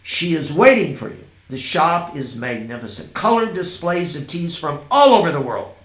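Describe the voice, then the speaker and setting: A man reading his own first-person story aloud, in a dreamy, unhurried storytelling manner. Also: a little high, very animated, a bit bright. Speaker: narrator. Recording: roomy echo.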